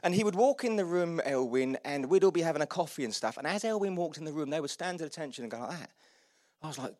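A man's voice: on the high side, big pitch swings, quick pace, a little mellow. A middle-aged man preaching a sermon in a loose, self-mocking, chatty way. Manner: chatty and self-mocking, with frequent laughs and restarts. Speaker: pastor. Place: church hall.

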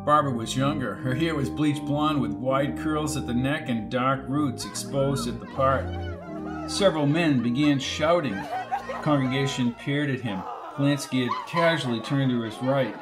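A man narrates a thriller audiobook at a middling pitch, steady and measured. Music plays clearly beneath his reading. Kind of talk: scripted narration.

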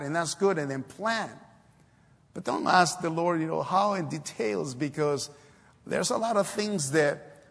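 In a church with long hall reverb, a man with a gravelly voice on the high side preaches a sermon. He hesitates, leaning on lots of fillers, then breaks into emphatic exhortations.

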